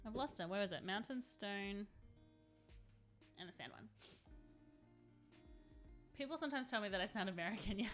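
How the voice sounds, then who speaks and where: A woman's voice: medium pitch, animated, normal speed, pauses often, fairly bright tone, soft background music. A woman in her thirties chatting casually on a live stream, rambling and answering chat while she paints miniatures.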